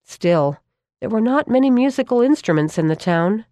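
A woman reading a storybook aloud, calm and measured narration. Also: fairly high pitch, no echo, clean studio sound.

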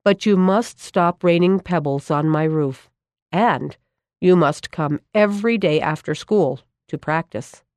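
A woman voicing a kindly but firm older Danish immigrant man who plays the clarinet, speaking gently and patiently in a storybook reading. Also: lowish voice, a little slow, no room sound, studio quality, close to an everyday voice. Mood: gentle, firm.

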